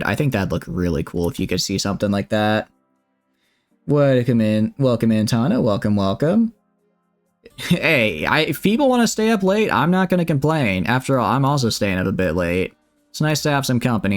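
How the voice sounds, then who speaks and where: Low-voiced young male streamer, jokey. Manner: relaxed and jokey, musing aloud while building. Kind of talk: casual gameplay commentary chatting with viewers.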